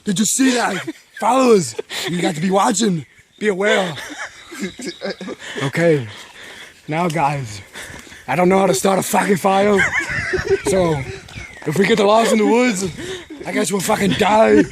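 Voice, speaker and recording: A man's voice: high-pitched, a little slow, pauses often. A man putting on a crude, boastful action-star character on a nature walk, rambling profanely and laughing at his own jokes outdoors on a trail. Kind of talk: improvised comedy walk-and-talk. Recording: clear outdoor background noise.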